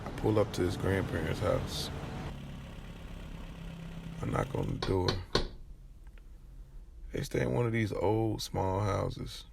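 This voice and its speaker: A man narrating a first-person audio drama in a conversational, halting way, with restarts. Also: low voice, steady tone, creaky, a little mellow, slight background noise.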